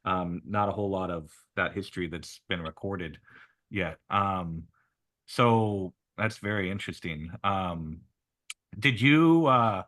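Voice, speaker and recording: Hesitant male interviewer, low voice. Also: slow, fairly bright tone. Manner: hesitant, filler-heavy questions. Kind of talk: oral history interview.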